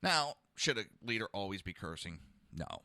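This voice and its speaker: A man's voice: lowish voice, sing-song, normal speed, sharp tone, no room sound. A man hosting a podcast, delivering an aggressive, profane, mocking political rant. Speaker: podcast host.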